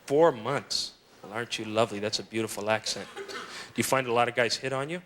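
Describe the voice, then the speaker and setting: A man's voice: medium pitch, brisk. A middle-aged man hosting stand-up, bantering with the audience in a teasing, sarcastic way. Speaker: stand-up comedian host. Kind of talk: live stand-up crowd work. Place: comedy club stage with live audience. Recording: loud live crowd laughter and noise. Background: audience laughing.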